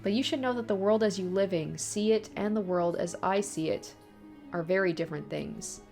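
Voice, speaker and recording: A woman reading aloud the lines of a mysterious female witch in a visual novel, calm and faintly mocking. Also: mid-range voice, normal speed, gravelly, faint music behind, lightly acted. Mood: cool, mocking.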